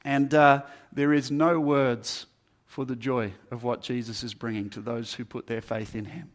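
A man's voice: medium pitch, level tone, unhurried. A man preaching a sermon, earnest and building emphasis through repeated phrases. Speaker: pastor.

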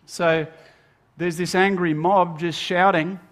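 Male minister, sermon, slightly high voice, storytelling, dramatic hushed drops. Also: steady tone, slow pace. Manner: storytelling, dramatic swings between loud emphasis and hushed low delivery.

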